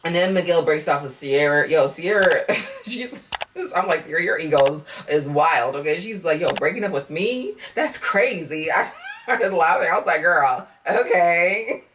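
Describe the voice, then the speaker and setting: Woman vlogger, blunt and sassy, low-pitched, recorded slightly away from the mic. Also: moderate pace, recorded from a distance, a little hiss or hum. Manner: blunt, sassy, swears freely, animated pitch swings. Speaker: reality TV recap vlogger. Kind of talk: casual recap commentary.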